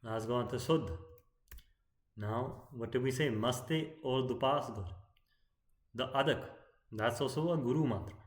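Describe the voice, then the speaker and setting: A man teaching poetic meter in an explanatory lecture, often checking in with "right?" and chanting verse lines slowly. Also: mid-range voice, roomy sound. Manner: keeps asking "right?" as he explains.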